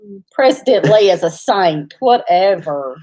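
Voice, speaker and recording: A woman's voice: mid-range voice, expressive, a little slow, a crowd in the background. A woman, chatting casually as co-host of a livestream, laughing often as she tells stories. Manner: laughs often, drawling storyteller. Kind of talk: casual live chat.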